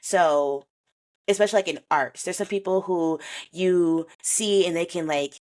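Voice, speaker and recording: A woman's voice: on the low side, measured pace, a little mellow. A woman hosting a podcast, chatting casually and animatedly about an anime, with slangy asides and frequent laughs. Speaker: podcast host.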